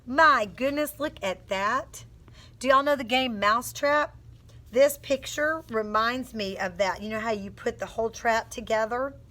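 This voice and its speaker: A woman teacher reads a storybook to little kids in a slow, unhurried way, stopping to sound out words with them. Her voice is bright and a bit high, expressive and encouraging. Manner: expressive storytelling with phonics coaching. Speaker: teacher reading aloud. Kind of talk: read-aloud lesson for young children.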